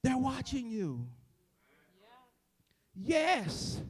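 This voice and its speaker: A man delivers a church sermon in a strikingly high voice. His pitch moves in wide, lively swings. He builds to a whooping, shouted cadence full of repeated phrases. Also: takes it slowly. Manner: call-and-response repetition. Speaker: preacher.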